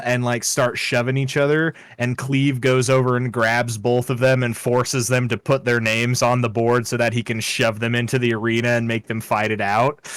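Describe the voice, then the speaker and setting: Man running a tabletop game, halting. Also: medium pitch, smooth, dry recording. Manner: halting, filler-heavy narration. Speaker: game master.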